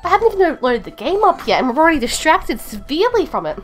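A woman's voice: high-pitched, sing-song, fast talker, faint music behind. A woman live-streaming from home, chatting casually and rambling with many fillers and restarts. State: out of breath.

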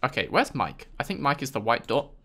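Lively bright-voiced British man, sarcastic. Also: mid-range voice, fairly quick. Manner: sarcastic and exasperated, talking back at the game. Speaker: gaming video host. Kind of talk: casual gameplay commentary.

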